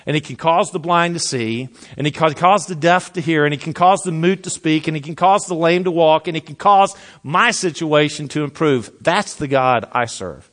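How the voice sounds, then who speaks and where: A man preaching a sermon emphatically, dropping low for weight and restarting with repeated words. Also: normal speed, few pauses, fairly bright tone. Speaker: pastor.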